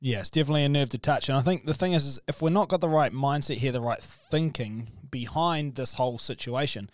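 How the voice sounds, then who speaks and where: A New man co-hosts a podcast, talking fast and cracking jokes. His voice is mid-pitched and sounds dry and close to the mic. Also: no room sound. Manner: quick, jokey, laughs often. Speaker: podcast co-host. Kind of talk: casual podcast chat.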